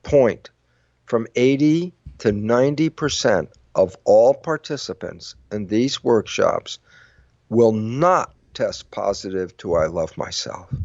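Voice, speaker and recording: An older man with a gravelly, mid-pitched voice talks through his ideas as an interview guest. He acts out both sides of imagined dialogues as he goes. The audio is dry and slightly muffled. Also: expressive, slow, darkish tone, no room sound. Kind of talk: animated interview talk.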